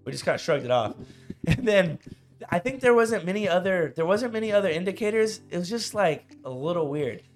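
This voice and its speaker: Young male podcast co-host, lively casual storyteller, fairly high voice, soft music bed. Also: brisk. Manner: animated, laughs often, says "bro" and "I was like".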